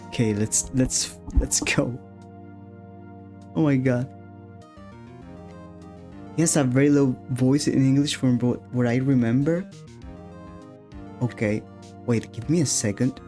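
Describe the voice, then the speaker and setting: A man's voice: mid-range voice, a little slow, long pauses, mellow, faint music behind. A man chatting casually while streaming a game, laughing often and restarting his sentences.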